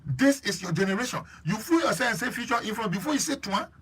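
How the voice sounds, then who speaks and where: A male host with a Liberian English accent talks in a high, husky voice with a bright, forceful edge. He chats on a live stream, preaching and teasing viewers by name. The delivery stays lively and casual throughout. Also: fast.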